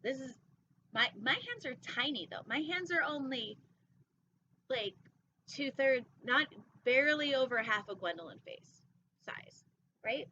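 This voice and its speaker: A woman's voice: high-pitched, expressive, unhurried, long pauses, bright, forceful tone, a little hiss or hum. A woman hosting a casual storytime, reading a picture book with goofy, rambling asides. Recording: dull lo-fi recording.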